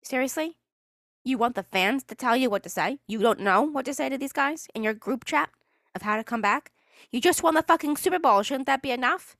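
A woman's voice: high-pitched, lively intonation, fairly quick, fairly bright tone, no room sound, studio quality. A woman hosting a solo podcast, ranting in a sarcastic, exasperated way and swearing freely. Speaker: podcast host.

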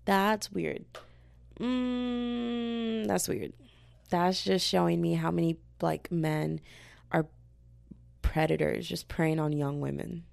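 A young woman in her twenties rants on her podcast in a low, gravelly voice with plenty of vocal fry. She rambles from story to story and keeps leaping up into high, mocking voices when quoting people. She sounds tired but wired, and the sound is dry and close. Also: takes it slowly, long pauses, dry recording. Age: 20s. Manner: animated, rambling, jumps into high-pitched quoted voices. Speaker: podcast host. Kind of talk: casual ranting monologue.

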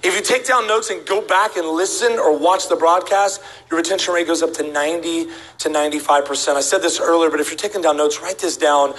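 Guy preaching a funny sermon in church, brightish higher voice, does little voices for the people in his stories. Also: brisk, poor audio. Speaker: guest preacher. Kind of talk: humorous sermon storytelling. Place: church sanctuary before a congregation.

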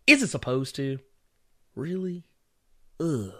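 A man's voice: high-pitched, big pitch swings, normal speed, sharp tone. A man in his thirties hosting a casual livestream, ranting with profanity and laughing often while he reacts to chat. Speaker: livestream host.

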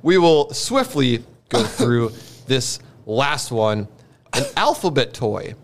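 A man hosting a comedy podcast, explaining a bit in a loose, rambling way. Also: medium pitch. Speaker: podcast host. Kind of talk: casual comedy podcast chat.

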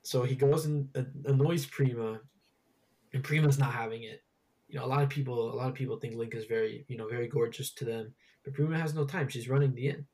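A man's voice: medium pitch, fairly even intonation, brisk, darkish tone. A young man hosting a casual gaming chat, rambling with lots of fillers and restarts. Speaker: podcast host.

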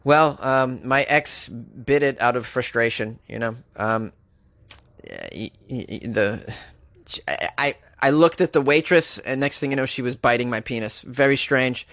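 A man's voice: mid-range voice, unhurried, a bit bright, no room sound, studio quality, lightly acted. A man putting on a stammering sheepish boyfriend. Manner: stammering, embarrassed.

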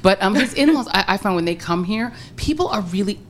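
A woman hosting a podcast, asking questions in relaxed casual chat. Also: medium pitch, fairly quick, a little hiss or hum. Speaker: podcast host.

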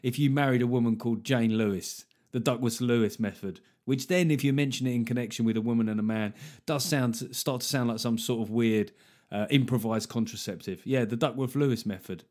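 A man's voice: medium pitch, fairly even intonation, fairly quick, a little mellow. A man hosting his own podcast, talking casually and jokily, rambling through asides and little acted-out bits. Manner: chatty, jokey, rambling with asides and acted-out quotes. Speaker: podcast host. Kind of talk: casual solo chat.

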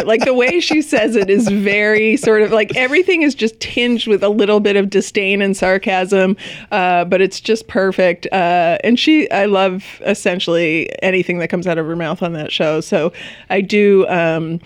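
A woman co-hosting a casual TV review podcast, chatty and quick to laugh. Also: medium pitch, dry recording. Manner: chatty, laughs often, animated asides. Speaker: podcast co-host.

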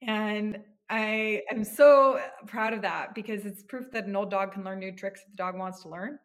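Speaking at normal speed in a steady, mid-range voice, a woman in her thirties who works as a psychotherapist reflects earnestly during a podcast interview. She often starts her phrases over.

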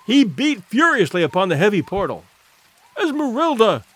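Telling a classic adventure story, this audiobook narrator uses a fairly high male voice that swings up and down to follow the drama. He reads at a moderate speed in a theatrical, expressive storybook style that sounds scripted.

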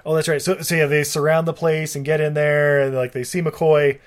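A man's voice: on the high side, flat delivery, normal speed. A man co-hosting a podcast in casual chat, rambling and swearing with many fillers.

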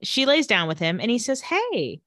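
A woman's voice: a little high, lively intonation, a little fast, a bit bright, no room sound, studio quality. Sassy woman podcast co-host. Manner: playful, sassy retelling. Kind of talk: casual TV recap chat.

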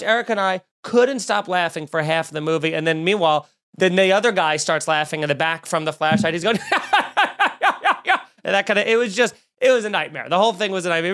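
A man tells a story on a podcast in a casual, animated way. His voice sits high for a man, and it shoots up further whenever he gets excited. He swears freely as he rambles. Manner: animated, swearing, rising pitch when excited. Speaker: podcast host.

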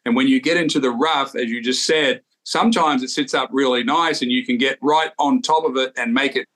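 A man's voice: mid-range voice, fairly quick, fairly bright tone. A man in his sixties with an Australian accent, a former tour pro co-hosting a podcast, telling stories in an easygoing way with many restarts. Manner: easygoing storyteller with frequent restarts. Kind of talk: casual podcast chat.

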